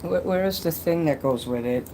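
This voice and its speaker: A man's voice: on the high side, moderate pace, background noise. A man casually chatting on a livestream, reading donations and rambling with crude jokes and many restarts.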